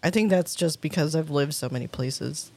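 A woman's voice: low voice, moderate pace, darkish tone. A woman in casual podcast chat, telling stories in a chatty way and laughing often. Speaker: podcast co-host.

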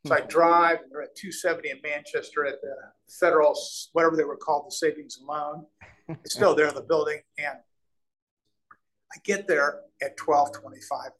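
A man's voice: fairly high pitch, low-quality recording. A man in his sixties from Omaha, a guest telling a long business story in an interview and acting out the dialogue as he goes. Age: 60s. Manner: animated storyteller, acts out quoted dialogue. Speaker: real estate developer, guest.

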